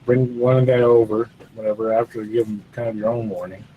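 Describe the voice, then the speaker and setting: A man's voice: lowish voice, flat delivery, fairly quick, narrow, tinny audio, a little hiss or hum. A man co-hosting a casual gaming podcast, talking bluntly and steadily as he reasons things out. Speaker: podcast co-host. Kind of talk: casual chat.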